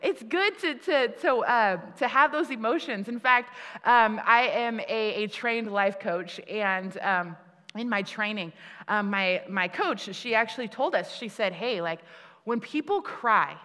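With a measured pace and a slightly bright voice on the high side, a woman preaches conversationally. She restarts sentences a lot, uses plenty of fillers and laughs at herself, all in a long, reverberant hall.

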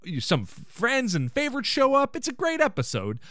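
A man's voice: very high-pitched, huge pitch swings, brisk, fairly bright tone, no echo, studio quality. A man hosting a podcast, recapping an episode in casual chat, enthusiastic and full of joking asides. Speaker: podcast host.

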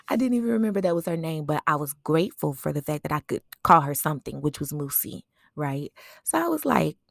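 Low, gravelly woman reminiscing. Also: brisk, no room sound, studio quality. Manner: conversational, often ends thoughts with "right?"; reflective storytelling with fillers. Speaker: podcast host. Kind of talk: personal memorial monologue.

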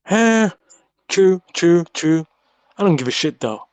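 A man's voice: high-pitched, animated, slow, clean tone, dry recording. A man with a British accent hosting a call-in live stream, swearing and joking in rowdy banter. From England. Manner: profane, joking, mock-aggressive.

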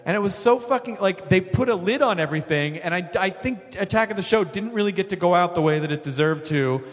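A man hosting a live podcast on a theater stage, an animated storyteller who swears freely, tired from no sleep. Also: sits high, fast. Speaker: podcast host. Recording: reverberant theater.

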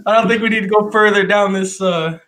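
Young man, co-host, joking slangy banter, high voice, bright tense tone. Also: fairly even intonation, brisk. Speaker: podcast co-host. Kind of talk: casual chat.

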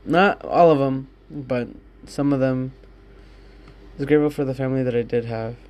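A man's voice: medium pitch, fairly even intonation, moderate pace, darkish tone, dull audio. Young man rambling candidly. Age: young adult. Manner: rambling, candid, swears often. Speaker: podcast host. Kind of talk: casual solo monologue. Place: his own room.

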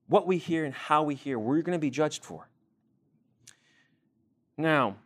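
A young man teaching a sermon to a group, animated, acting out everyday scenes and quizzing his listeners. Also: fairly high pitch. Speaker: youth teacher.

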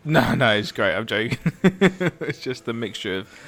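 A man co-hosting a casual podcast, teasing his partner in quick banter and laughing often. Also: medium pitch, vocal fry, bright, forceful tone, faint music behind. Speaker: podcast co-host.

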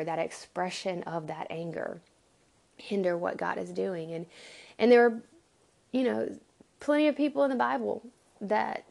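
A woman giving an earnest, halting Bible teaching, acting out pleading prayers to God. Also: medium pitch, gravelly, darkish tone.

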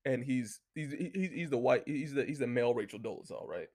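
A man's voice: mid-range voice, expressive, fairly quick, a little mellow. A man hosting a solo talk show, ranting casually and heatedly with constant swearing and lots of filler words. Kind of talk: casual profane rant.

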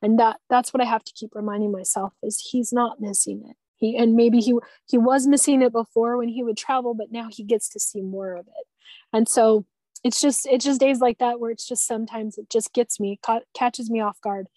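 A woman's voice: fairly high pitch, steady tone, normal speed, dark tone, no room sound. A woman sharing personal experiences in a conversation, talking in an earnest, tender way with frequent restarts. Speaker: guest.

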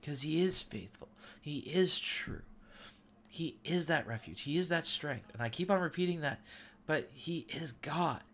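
A man's voice: on the high side, animated, unhurried, a bit bright, slight background noise. A man in his thirties hosting a devotional talk, sharing an earnest, emotional testimony. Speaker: podcast host.

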